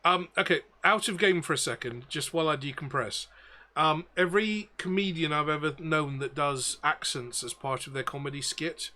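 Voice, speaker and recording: A male game master steps out of the story to chat, explaining at length in a loose, rambling way. His voice is bright and forceful and sits a bit high for a man. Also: normal speed.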